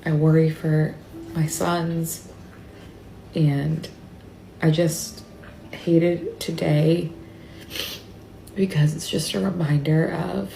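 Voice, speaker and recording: Woman, deep gravelly flat voice, tearful confessional, echoey room. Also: slight background noise. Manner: halting, tearful, often dropping to a whisper. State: upset and near tears. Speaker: mother sharing a personal story. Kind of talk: emotional confessional video.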